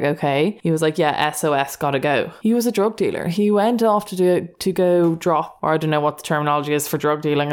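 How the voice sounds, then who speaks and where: A woman's voice: deep voice, smooth. A young woman in her twenties telling rambling, self-mocking dating stories as a podcast host. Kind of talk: casual storytelling monologue.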